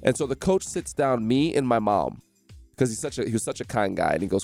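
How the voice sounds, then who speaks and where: A man from New Jersey, a guest in a radio studio, telling his story with animated energy and acting out the voices of the people in it. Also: medium pitch, brisk, gravelly, faint music behind. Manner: animated, acts out quoted voices.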